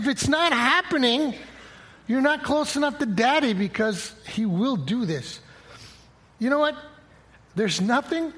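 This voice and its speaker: A man's voice: extremely high pitch, fairly bright tone, breathy edge. A middle-aged man preaching a conversational sermon, quoting scripture and acting out little dialogues. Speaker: pastor.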